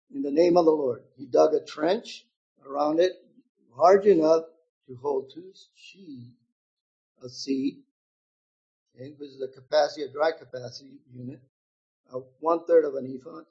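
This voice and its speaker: Older male preacher in his 70s, husky and unhurried, slightly high voice, muffled lo-fi recording; shifts from loud scripture reading to hushed asides. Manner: swings between loud emphatic reading and quiet asides. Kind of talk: sermon reading and explaining scripture.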